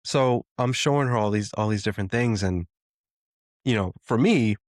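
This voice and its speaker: A man in his thirties hosting a podcast, telling a personal story in a reflective, halting way with frequent restarts. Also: fairly low pitch, no echo, studio quality. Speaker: podcast host.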